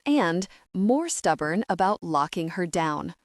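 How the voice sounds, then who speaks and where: A woman reading the lines of a stubborn male bounty hunter in an audiobook, in a low, gruff manner. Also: big pitch swings, takes it slowly, dry recording, studio quality. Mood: earnest. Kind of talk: audiobook dialogue.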